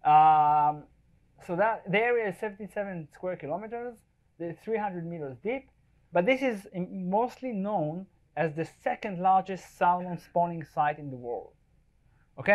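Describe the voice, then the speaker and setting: The recording is muffled, carrying a high-pitched male voice with lively intonation at normal speed. Addressing a live crowd in an event space, the wildlife photographer talks casually and jokingly, checking in often to ask whether everyone is following.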